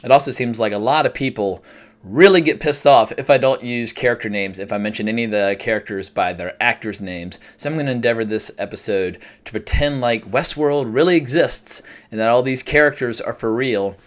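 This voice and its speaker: A man's voice: medium pitch, a little fast. A man casually reviewing a TV episode, chatty and self-deprecating, with frequent fillers and restarts. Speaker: TV review vlogger.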